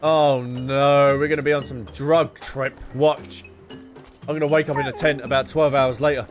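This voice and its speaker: A young man casually commenting on a game he is playing, joking and excitable. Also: mid-range voice, moderate pace. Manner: jokey, excitable, laughing asides. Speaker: streamer. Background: faint game music.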